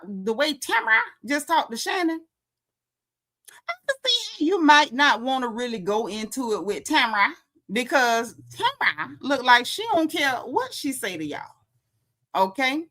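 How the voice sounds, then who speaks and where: A woman with a bright, higher voice, recapping reality TV in a casual chat. She tells it as an animated story, switching into the voices of the people she quotes. Her delivery is clear and forceful. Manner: animated storytelling, acts out quotes, frequent laughs.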